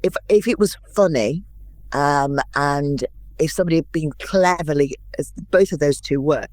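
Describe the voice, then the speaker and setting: A woman in her sixties, a guest in an interview, telling anecdotes in a lively way and acting out what others said. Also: low-pitched, normal speed, dry recording. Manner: lively anecdotal storyteller, acts out quotes. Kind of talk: interview storytelling.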